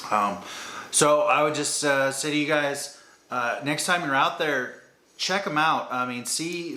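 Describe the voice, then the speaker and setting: A man's voice: medium pitch, sharp tone, slight background noise. A man giving a chatty, rambling, upbeat beer-tasting review. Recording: roomy echo.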